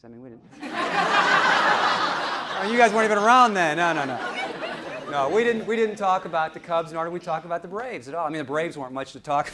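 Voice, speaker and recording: A middle-aged man from St. Louis, a professional speaker telling a story on stage, animated and playful, quizzing the audience. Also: on the high side. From St. Louis, USA. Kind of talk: storytelling keynote speech.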